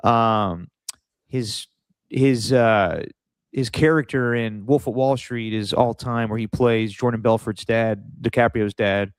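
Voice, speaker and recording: A man's voice: mid-range voice, slow pace, smooth, no room sound. A man co-hosting a casual sports podcast, telling rambling anecdotes with plenty of fillers. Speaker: podcast co-host.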